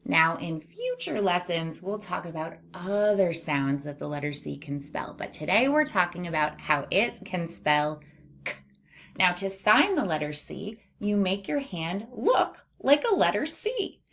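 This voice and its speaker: A woman leads a phonics lesson for young children. Her voice sits a little low, and she talks slowly and patiently, encouraging her young readers. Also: sing-song, a bit bright, a little hiss or hum. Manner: slow, patient, encouraging teacher talk. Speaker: phonics teacher.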